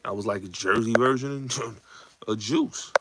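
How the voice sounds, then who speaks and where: A man, hosting a show, chatting casually and acting out movie lines in slangy, animated talk. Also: mid-range voice, moderate pace, noisy background. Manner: slangy, repeats yo and son. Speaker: show host.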